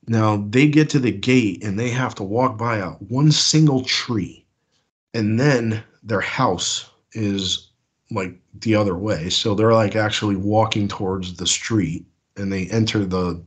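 Husky-voiced man telling a story. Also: on the low side. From United States. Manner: rambling, many "like" fillers, acts out his own past lines. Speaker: caller sharing an encounter. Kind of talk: casual spoken storytelling.

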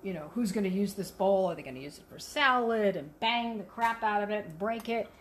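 A woman's voice: mid-range voice, a little fast, slight background noise. A woman potter teaching a wheel demo on a livestream, chatting playfully as she works the clay. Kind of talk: live demo talk while working at the wheel.

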